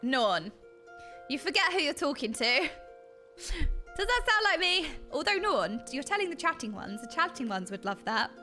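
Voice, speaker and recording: Bright, chatty British woman streamer; excitable, talks to chat over faint music. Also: sits high, moderate pace. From Britain. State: dry throat. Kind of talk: casual chat with live stream chat. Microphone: desk mic.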